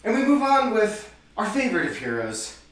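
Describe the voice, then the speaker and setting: A man's voice: sits high, huge pitch swings, moderate pace. A man acting as dungeon master who hosts and narrates a tabletop game like an announcer and laughs often. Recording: echoey room, from far off.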